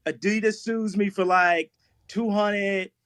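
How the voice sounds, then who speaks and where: A man telling stories in casual talk on a live stream, animated, laughing often and repeating himself. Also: high voice, slow pace, clean tone, no room sound. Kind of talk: casual storytelling.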